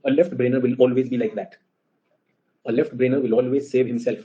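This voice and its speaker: A man lectures a class with an Indian English accent, animated and always checking whether the students follow. He talks at a brisk clip in a mid-pitched voice. The recording sounds muffled and lo-fi. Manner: animated, asks the class questions often. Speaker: teacher.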